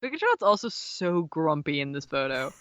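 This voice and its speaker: A podcast co-host joins a casual chat with a lively, animated pitch. The voice laughs often and makes teasing comments. It is recorded on a dull, lo-fi microphone with a very dry sound. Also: normal speed, clear, resonant tone, dry recording.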